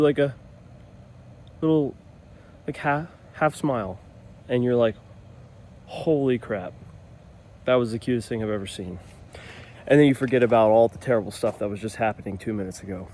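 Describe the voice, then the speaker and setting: A man's voice: mid-range voice, darkish tone, a little hiss or hum. Earnest young man in his twenties. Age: 20s. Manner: earnest and rambling, with restarts. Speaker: vlogger and new father. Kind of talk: casual talk to camera.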